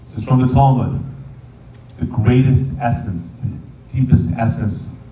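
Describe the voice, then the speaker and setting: A rabbi telling a folk tale as a sermon, lively and playful, now and then singing verses in Hebrew. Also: male voice, medium pitch, measured pace. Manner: animated storyteller, sings Hebrew verses. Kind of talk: storytelling sermon. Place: synagogue sanctuary. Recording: echoey hall, distant mic, faint room noise.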